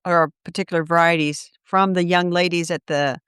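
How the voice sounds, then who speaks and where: A woman's voice: fairly low pitch, fairly even intonation, moderate pace, fairly bright tone, clear, resonant tone, dry recording, clean studio sound. A woman co-hosting a gardening podcast, chatting in a practical, matter-of-fact way. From American Midwest. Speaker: podcast co-host. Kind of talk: casual gardening chat.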